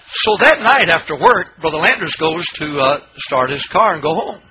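A man preaching from the pulpit in a somewhat high voice, animated and prone to acting out the people in his story. The sound is a noisy radio broadcast of a church service. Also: normal speed, few pauses. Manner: animated, acts out quotes with big swings in pitch and volume. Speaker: pastor. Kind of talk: sermon with storytelling.

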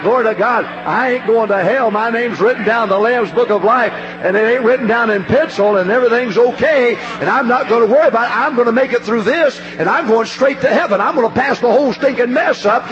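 A man preaching a fervent sermon. He swings between ringing shouts and low, hushed passages. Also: highs cut off.

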